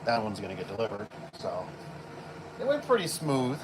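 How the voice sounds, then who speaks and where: A man's voice: lowish voice, huge pitch swings, moderate pace. Rambling working man, noisy job site. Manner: rambling, storytelling with lots of fillers. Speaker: garage door installer. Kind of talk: casual work vlog chat. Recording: work-site background noise with vehicles.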